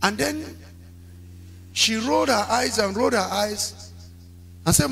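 Pastor guy preaching, really high bright voice, slow and drawn out, yells out questions for the crowd to answer. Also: creaky. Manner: call-and-response preaching with sudden shouted bursts; dramatic storytelling. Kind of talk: sermon.

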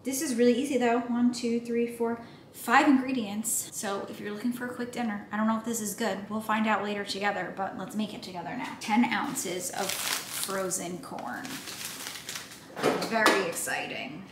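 A woman's voice: mid-range voice, steady tone, normal speed. A young woman chats playfully to her camera in a home kitchen, throwing in the odd swear. Her voice sits mid-range for a woman. The room is echoey, with a faint hiss behind her. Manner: chatty, playful, swears casually, talks to camera. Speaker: vlogger. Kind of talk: casual vlog chat.

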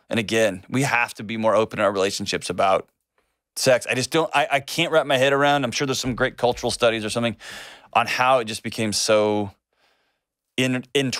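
A man's voice: on the low side, a bit bright, no room sound, clean studio sound. A man hosting a relationship advice show, talking earnestly and acting out quoted lines in casual on-air chat.

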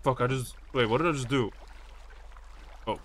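A man's voice: mid-range voice, steady tone, normal speed, fairly bright tone, a little hiss or hum. A man streaming a game role-play as a pirate robber, brash and profane, throwing in growled pirate calls.

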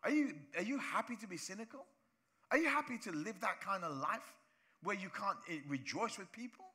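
A male pastor from preaching a sermon in church, animated, acting out voices of people he talks about. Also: high-pitched, brisk.

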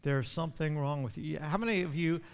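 A male pastor preaching a sermon, repeating his words and building to loud, fervent passages. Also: on the high side, a little fast. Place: church sanctuary. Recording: long church hall reverb.

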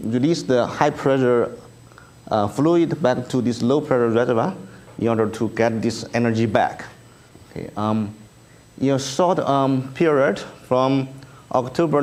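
A man with a Chinese accent, whose first language is Chinese, giving a conference talk with slides in a halting way, full of ums and uhs and light self-deprecating humor. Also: medium pitch, a little mellow. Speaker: speaker at an engineering research review. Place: conference room.

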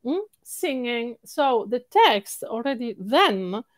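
Speaking slowly in a higher-than-average voice, this Italian-accented singing coach answers interview questions animatedly. She laughs a lot and repeats words to stress them. There is no room sound.

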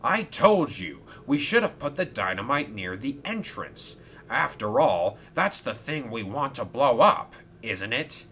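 A man voicing an outspoken worker who complains loudly in a storybook reading. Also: medium pitch, big pitch swings, measured pace, slight background noise. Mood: complaining. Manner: loud, complaining.

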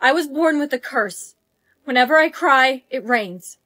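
A woman's voice: high voice, lively intonation, unhurried, sharp tone, no echo, clean studio sound. A woman acting out dramatic POV skits, voicing several characters. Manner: dramatic, playing many characters. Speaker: skit creator.

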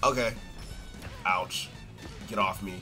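A young man streaming a fighting game, commenting live with excitable yelps and trash talk. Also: deep voice, slow pace, over music.

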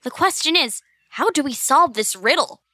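A woman's voice: high-pitched, expressive, bright, forceful tone, no room sound. A woman voicing Molly, a clever girl adventurer in a children's audio drama. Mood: curious. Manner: quick-witted, problem-solving.

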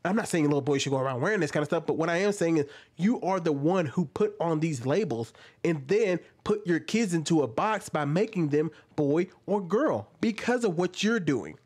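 Guy ranting at a clip, keeps firing rhetorical questions, voice a bit high. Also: lively intonation, normal speed, a little mellow, husky. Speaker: commentator. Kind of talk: reaction commentary.

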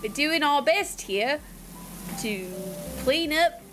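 A woman's voice: high-pitched, lively intonation, slow pace, a bit bright, faint music behind, heavily acted. A woman voicing a hammy male outback wildlife host in a poorly attempted Australian accent, with exaggerated catchphrase delivery.

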